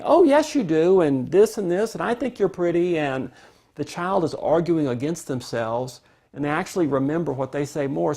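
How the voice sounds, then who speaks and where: A man teaching a parenting lesson, calmly explaining and acting out what parents and kids say. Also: on the high side, creaky. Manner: calm, explanatory, acts out parent and child quotes. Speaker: parenting instructor.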